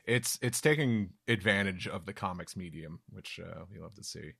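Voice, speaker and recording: A man with a New York accent hosts a casual podcast, recapping a comic chapter in a low, gravelly voice. He rambles and drops into playful put-on voices for the characters. The sound is close and dry. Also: moderate pace, a bit bright, dry recording. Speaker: podcast host.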